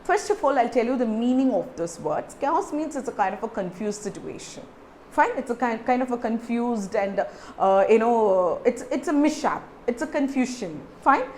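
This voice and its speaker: Woman trainer, Indian English accent, lively high voice, instructive, slight hiss behind. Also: normal speed. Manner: instructive, repeats words and spells them out. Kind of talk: teaching lesson to camera.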